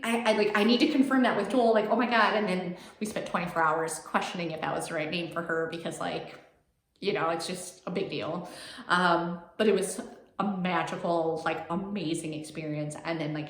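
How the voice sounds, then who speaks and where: A woman's voice: on the low side, fairly bright tone. A young woman vlogger telling a personal story in a casual, chatty way, filling her speech with "like". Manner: chatty, heavy use of "like", emotional. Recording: echoey room.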